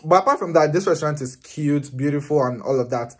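Husky man ranting. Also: a little high, a little fast. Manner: animated, exasperated, profane. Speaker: vlogger. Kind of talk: casual storytelling rant.

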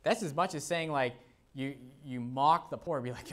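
Male pastor, mid-pitched, casual pulpit talk, checks in with "okay?", reads verses aloud. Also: lively intonation, normal speed. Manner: conversational, peppered with "okay?" and "you know"; reads scripture aloud in King James wording. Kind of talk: sermon.

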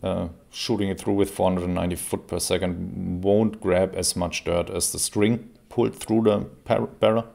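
A man, creaky after a cold, explaining an airgun in a relaxed, casual review with plenty of fillers. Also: deep voice, normal speed, few pauses. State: recovering from a cold. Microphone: camera mic while seated.

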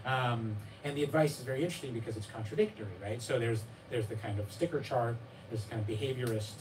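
Talking quickly in a medium-pitched voice, a man describes his memoir to a live bookstore crowd. He's self-deprecating and digressive, restarting and using plenty of fillers, and he laughingly imitates his child and his readers. The mic is distant, so room sound and a noisy background come through.

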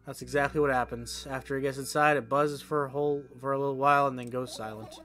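A man's voice: mid-range voice, fairly even intonation, quick pace, fairly bright tone. A man streaming a game, reading its text aloud and breaking in with sarcastic, swearing asides.

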